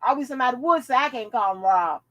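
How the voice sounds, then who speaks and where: A woman's voice: on the high side, expressive, fast talker, a bit bright, no room sound, lo-fi sound. A woman hosting a casual commentary vlog, chatting bluntly and jokingly to her viewers with plenty of profanity. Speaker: channel host.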